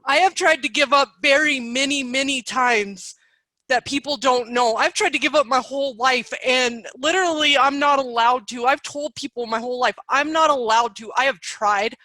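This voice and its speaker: A woman's voice: high-pitched, normal speed, pushed and bright, no room sound, low-quality recording. A woman in her thirties hosting a podcast, talking in an emotional, spiritual, chatty way. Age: 30s. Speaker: podcast host. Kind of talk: casual interview chat.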